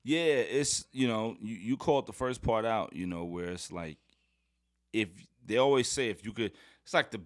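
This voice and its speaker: Lively New man acting out quotes. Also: lowish voice, normal speed. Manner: animated storyteller, acts out quotes. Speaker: guest rapper. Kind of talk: casual interview conversation.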